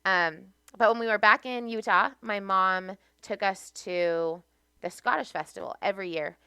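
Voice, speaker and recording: Bright, clear-voiced American woman. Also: mid-range voice, moderate pace, dry recording. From United States. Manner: animated, laughs often while telling stories. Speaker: podcast guest. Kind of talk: casual storytelling.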